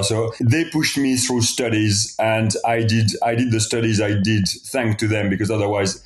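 A man's voice: mid-range voice, moderate pace, hardly any pauses. A middle-aged man with a French accent, a guest on a podcast who tells stories in a cheerful, chatty way. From France. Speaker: guest entrepreneur. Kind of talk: casual podcast interview. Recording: echoey room.

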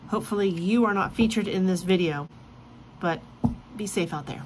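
A woman's voice: medium pitch, moderate pace, very noisy. A woman hosting a casual reaction video, chatty and joking, giggling often. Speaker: video host.

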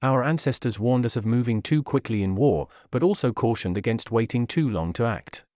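A stern male orc warrior gives solemn counsel by the fire, as a male narrator puts him on. The voice is medium in pitch and dry, with no room around it. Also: lively intonation, moderate pace, a little mellow, no room sound, natural voice.

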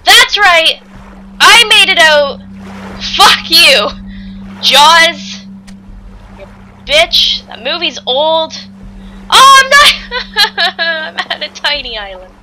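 A woman's voice: very high voice, animated, takes it slowly, long pauses, sharp tone, slight background noise, poor audio. A woman doing let's play commentary on a survival game, frantic and swearing, yelping and shrieking. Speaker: gamer playing a survival game.

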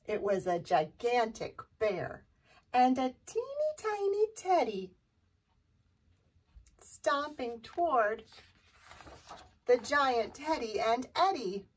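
Slow, high-voiced woman reading storytime. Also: lively intonation, breathy edge, far from the mic.

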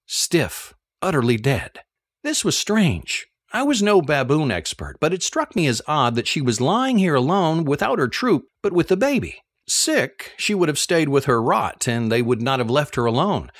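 A man reading a first-person novel aloud, telling the story in an expressive, animated way. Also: a little high, normal speed, no room sound, studio quality. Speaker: audiobook narrator.

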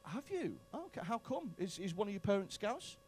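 A man's voice: high-pitched, very animated, a little fast, a little mellow, slight background noise. A male stand-up comedian in a comedy club, doing profane, bantering crowd work with mock outrage.

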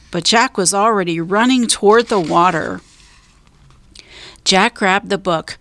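A woman storyteller reading a children's book aloud, slow, clear and deliberate. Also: medium pitch, fairly bright tone, no echo.

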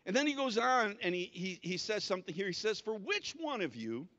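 A man's voice: high-pitched, big pitch swings, brisk, fairly bright tone, in a large hall, dull audio. A male pastor delivering a conversational sermon, often restarting and repeating words as he talks. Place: church sanctuary.

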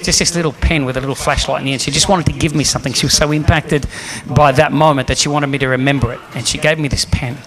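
A man's voice: mid-range voice, steady tone, fast, hardly any pauses, fairly bright tone. A man preaching a sermon as a guest speaker, telling a story with animation and acting out the lines he quotes.

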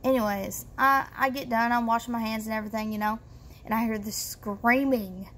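A young woman vlogger telling a story casually, animated and profane, addressing viewers directly. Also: a little high, moderate pace, slight background noise.

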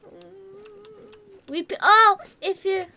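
A very high, lively voice from a woman streamer from England, jumpy and quick to laugh as she plays. Her pitch leaps all over. Loud background noise and keyboard clicks sit under her voice. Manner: jumpy, laughs often, easily startled. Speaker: live streamer. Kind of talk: live gaming stream chat.

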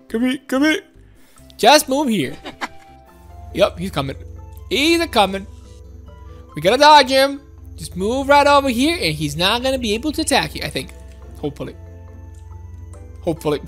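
A woman giving excitable, childlike gameplay commentary while speaking as her game character. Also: fairly high pitch. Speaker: game streamer.

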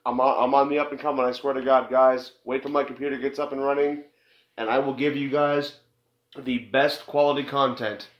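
A man's voice: medium pitch, little pitch movement, brisk. A man giving crude, joking commentary while playing a game, talking back to the characters. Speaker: let's play gamer. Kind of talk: casual gameplay commentary. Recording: dull, echoey home recording with game music.

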